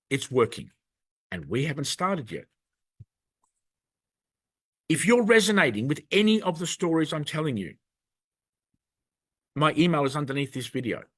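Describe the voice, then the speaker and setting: A man's voice: a little high, a bit bright, dry recording. An angry man delivering a rambling, emphatic monologue to camera. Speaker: video presenter.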